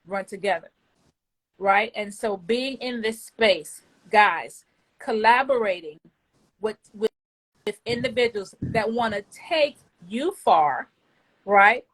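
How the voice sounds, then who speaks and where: A woman's voice: mid-range voice, takes it slowly. A woman giving an emotional, effusive client testimonial, often repeating words when moved. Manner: effusive, animated, faith-filled.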